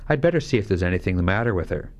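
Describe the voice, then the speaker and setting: A man's voice: sits low, animated, rapid-fire, a little mellow, dull audio. A man reading a fairy tale aloud, voicing a determined male huntsman who speaks bluntly.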